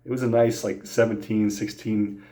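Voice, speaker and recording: A man's voice: on the low side, flat delivery, normal speed, warm tone. A younger man casually telling fishing stories as a podcast host, rambling with many fillers and frequent laughter. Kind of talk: casual storytelling.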